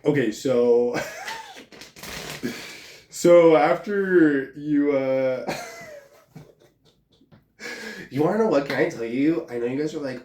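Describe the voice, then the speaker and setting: A man's voice: medium pitch, expressive, slow pace, pauses often, dark tone. A man, a YouTuber, ranting casually in a profane, rambling way while cooking in his home kitchen. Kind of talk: casual vlog rant. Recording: echoey room.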